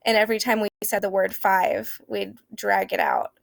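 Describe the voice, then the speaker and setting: A woman's voice: mid-range voice, little pitch movement, normal speed, gravelly, hardly any pauses, dry recording, clean studio sound. A young woman teacher from Oklahoma explaining early math ideas in a casual, hesitant way, with many fillers. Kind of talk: informal lesson on early math.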